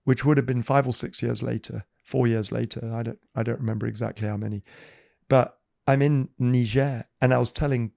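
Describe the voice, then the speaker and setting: Gravelly man telling a faith story. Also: mid-range voice, brisk, no echo, clean studio sound. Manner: animated storyteller, acting out voices. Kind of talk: telling a faith testimony in conversation.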